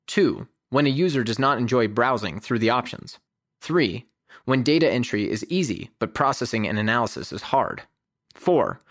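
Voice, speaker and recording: A man reads a prepared essay aloud for his podcast, keeping a measured, even delivery. The recording is close and bone-dry, with no room sound around his voice. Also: mid-range voice, no room sound. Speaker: podcast host. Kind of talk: scripted essay narration.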